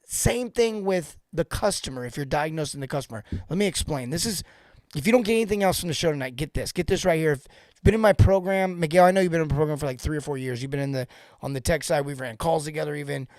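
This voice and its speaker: Man, sales coach, animated and emphatic, repeats himself, fairly high voice, dry close sound. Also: fast, no room sound. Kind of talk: live show coaching talk.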